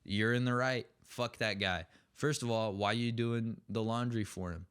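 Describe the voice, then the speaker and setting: A man's voice: mid-range voice, fairly even intonation, normal speed, a bit bright, smooth. A young man hosting a solo comedy podcast, ranting sarcastically with plenty of swearing. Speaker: podcast host.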